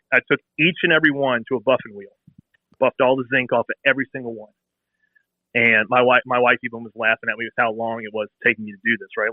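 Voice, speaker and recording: A man in his thirties telling a long, animated story about a bike build in a casual interview, acting out phone calls in quoted voices. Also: medium pitch, no room sound. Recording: tinny phone-like sound.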